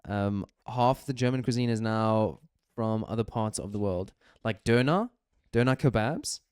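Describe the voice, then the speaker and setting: A man's voice: lowish voice, a little slow, darkish tone, smooth, no room sound, clean studio sound. A man co-hosting a podcast in casual chat, blunt and opinionated, swearing now and then. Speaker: podcast co-host.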